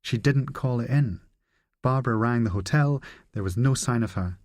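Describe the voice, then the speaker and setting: A man's voice: mid-range voice, moderate pace, a little mellow, no room sound, clean studio sound, close to an everyday voice. A man reading the part of a terse, skeptical former male intelligence officer, asking probing questions.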